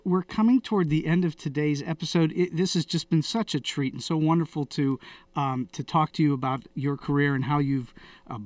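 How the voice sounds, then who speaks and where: A man's voice: medium pitch, a little mellow, no echo, distant mic. A man hosting an interview podcast. He praises his guest and asks long, rambling questions. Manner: effusive, rambling questions with restarts. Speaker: podcast host.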